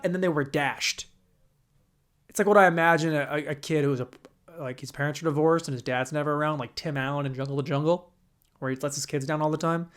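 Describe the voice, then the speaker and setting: A man's voice: on the high side, a bit bright. A young man hosting a podcast, telling a rambling, profane story on his own and acting out the quoted voices. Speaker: podcast host. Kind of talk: casual solo storytelling.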